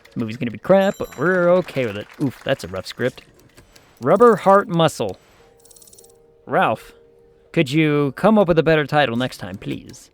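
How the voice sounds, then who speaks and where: A man's voice: on the high side, expressive, normal speed, soft background music. A man streaming a management game, chatting casually and thinking aloud as he plays.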